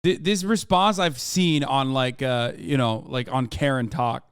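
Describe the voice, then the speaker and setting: A man's voice: mid-range voice, measured pace, clear, resonant tone, dry recording, clean studio sound. A male streamer host giving blunt, profane reaction commentary in a casual, riffing way.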